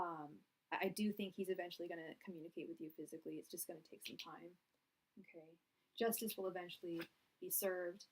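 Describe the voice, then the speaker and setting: Casual woman reading tarot cards. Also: medium pitch. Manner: casual, rambling, many fillers and restarts; projecting loudly so the audio carries. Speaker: tarot reader. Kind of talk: live-stream tarot reading.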